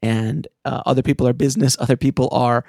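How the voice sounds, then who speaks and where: Middle-aged male host, gravelly voice, earnest and impassioned, loose unscripted monologue. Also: medium pitch, fairly even intonation, fast, darkish tone, dry recording, clean studio sound. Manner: earnest and passionate, with frequent restarts. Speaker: filmmaker and podcast host. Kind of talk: casual monologue to listeners.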